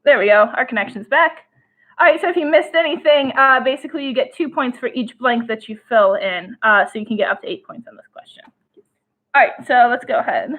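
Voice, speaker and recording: A young woman co-hosting a casual trivia live stream from home, chatty and giggly, reading questions out slowly. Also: fairly high pitch, fairly bright tone. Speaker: trivia co-host. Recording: tinny phone-like stream audio.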